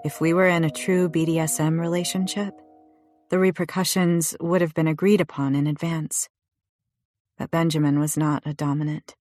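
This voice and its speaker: Low-voiced woman narrating a dark audiobook. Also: level tone, normal speed, no room sound, soft background music. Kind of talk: first-person dramatic audiobook narration.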